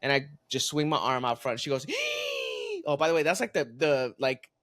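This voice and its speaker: A man's voice: mid-range voice, a little fast, no echo. A man co-hosting a podcast, telling stories in casual chat and acting out the voices he quotes. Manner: animated storyteller, acts out quotes. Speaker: podcast co-host.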